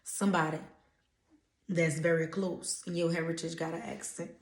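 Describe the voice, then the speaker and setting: A woman's voice: sits low, flat delivery, moderate pace, reverberant. A woman from Louisiana, speaking with a Louisiana accent, gives blunt, preachy motivational readings to her viewers. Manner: emphatic, preachy, blunt with casual swearing. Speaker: intuitive energy reader. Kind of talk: motivational channeled-message vlog.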